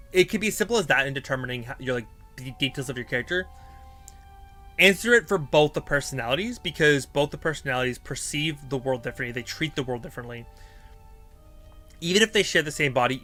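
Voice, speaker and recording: Male streamer, casual and chatty, bright tone, talks in loose filler-laden bursts. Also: a little high. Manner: rambling and filler-heavy, thinking aloud. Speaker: streamer giving character-writing advice. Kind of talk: casual live-stream chat.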